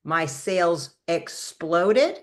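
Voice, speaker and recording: Animated woman in her fifties, slightly low voice. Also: drawn-out words. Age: 50s. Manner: animated storytelling, acting out her own past lines in a higher voice. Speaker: product formulator and brand promoter. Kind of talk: testimonial talk to a live call.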